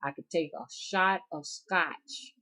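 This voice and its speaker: A middle-aged woman from the Deep South speaks in a low, homey voice with a strong Alabama accent. She rambles along in a folksy, unhurried way, addressing her viewers directly as she reminisces. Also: sharp tone. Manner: rambling, folksy, chuckling often. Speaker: rootworker vlogger. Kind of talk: casual chat to viewers.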